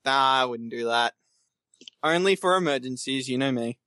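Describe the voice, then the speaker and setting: A man's voice: mid-range voice, moderate pace, sharp tone. A man playing a tabletop game over voice chat, joking and playful. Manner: jokey, playful. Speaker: player.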